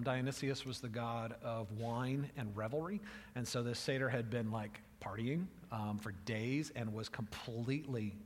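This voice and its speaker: Husky preacher in a reverberant hall. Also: male voice, mid-range voice. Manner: conversational, frequent "right?", repeats words. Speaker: pastor. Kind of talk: sermon.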